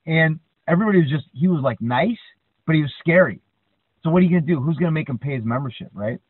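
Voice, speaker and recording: Speaking fast in a voice on the high side with a breathy edge, a man co-hosts a podcast in relaxed chat. He's an animated storyteller fond of ending lines with "right?". Audio is dry and phone-like, tinny, with no echo.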